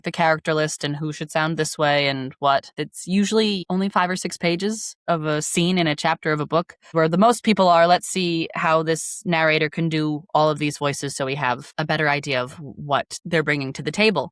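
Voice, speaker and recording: A woman's voice: low voice, brisk, few pauses, dry recording, clean studio sound. A woman who narrates audiobooks, talking casually in an interview with lots of filler words. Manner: chatty, many "like" fillers, demonstrates voices in passing.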